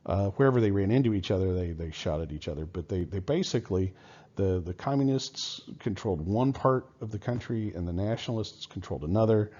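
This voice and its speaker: A man's voice: low voice, expressive, a little fast, dark tone, lo-fi sound. A man giving a casual history lecture in a loose, conversational way, with many fillers and restarts. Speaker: history teacher.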